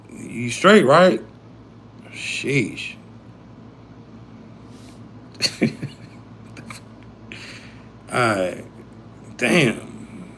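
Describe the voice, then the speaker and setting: Mid-pitched man streaming to chat, slangy and profane, light hiss behind. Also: sing-song, very slow, pauses often, a bit bright. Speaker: livestream host. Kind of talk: casual livestream talk.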